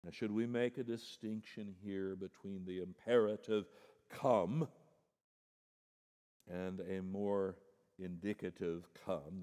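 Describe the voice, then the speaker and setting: A middle-aged man preaching a sermon as pastor, dropping low and quiet, then rising sharply in pitch and volume for emphasis. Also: clear, resonant tone. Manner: swings from soft and low to loud, high-pitched emphasis. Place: church sanctuary. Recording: long hall reverb.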